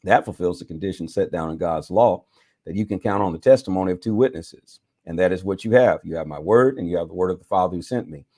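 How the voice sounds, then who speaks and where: A man's voice: low voice, fast talker, darkish tone, dry recording, studio quality. A man, a bishop, reading scripture aloud with dramatic emphasis, now and then correcting himself and adding his own remarks. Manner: dramatic reading with self-corrections and side comments.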